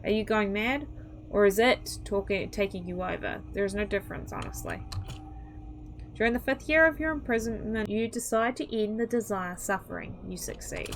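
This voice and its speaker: A woman's voice: medium pitch, moderate pace, slight background noise, low-quality recording. A young woman gaming creator reading an interactive horror story aloud, chatty and reactive, with startled outbursts as she comments between lines. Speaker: gaming YouTuber.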